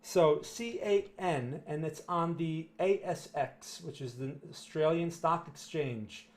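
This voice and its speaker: A man's voice: a little high, slow pace. A man with a New Jersey accent giving blunt, emphatic live chart commentary to viewers, often tagging "right?" and "okay?" onto his points. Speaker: market analyst answering viewer questions.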